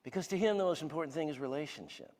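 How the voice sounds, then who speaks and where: A man's voice: fairly high pitch, racing, a little mellow, in a large hall. A man in his sixties giving a conversational sermon as a guest speaker, telling stories and asking the audience questions. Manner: storytelling, asks the audience questions. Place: church hall.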